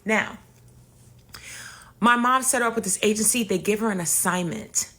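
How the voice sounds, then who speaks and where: Profane animated New woman storyteller. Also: mid-range voice, moderate pace. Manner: animated, profane, talks straight to the audience. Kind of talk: casual comedic storytelling.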